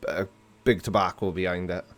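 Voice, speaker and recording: Speaking at a normal speed in a low voice with little pitch movement, a man runs a relaxed live chat. As livestream host, he responds playfully to viewer comments, feigning disgust at times.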